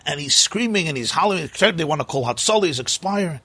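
A man's voice: a little high, expressive, quick pace, bright, forceful tone, husky, no echo. A man giving a spoken Torah lecture, emphatic and repeating phrases for stress. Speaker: teacher of a religious class.

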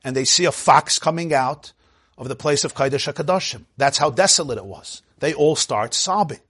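A man teaching a Torah lecture, telling the story with animated delivery, laughing now and then, and mixing in Hebrew terms. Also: a little high, moderate pace, slightly rough, dry recording, studio quality. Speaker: rabbi teaching.

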